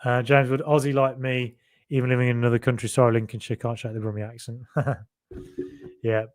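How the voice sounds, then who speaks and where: A man's voice: mid-range voice, flat delivery, a little fast. A young man from Solihull with a faded Birmingham accent, hosting a casual podcast chat and rambling as he reads out viewer comments. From Solihull, Birmingham area. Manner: rambling, self-correcting, chatty. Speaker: podcast host.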